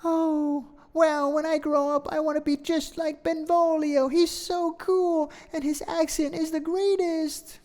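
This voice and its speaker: A man voicing an excited little boy fan who gushes over his hero. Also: unhurried, few pauses. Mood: adoring. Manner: gushing, squeaky. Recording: reverberant room.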